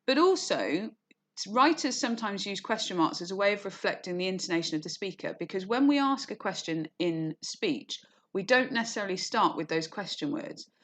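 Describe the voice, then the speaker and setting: A woman teaching an online lesson, explaining clearly with frequent "okay" and "you know", and briefly acting out quoted lines. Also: medium pitch, expressive, moderate pace, fairly bright tone. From England. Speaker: English teacher.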